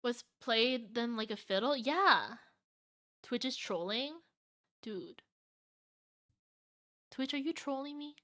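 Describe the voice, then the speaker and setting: A woman streaming live, chatting casually and excitably as she reacts to a video, often restarting her sentences. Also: on the high side, slow, long pauses.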